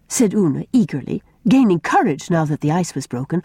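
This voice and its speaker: Expressive woman reading a classic story. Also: lowish voice, moderate pace, hardly any pauses, husky, no echo, clean studio sound. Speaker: audiobook narrator. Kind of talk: scripted storybook narration.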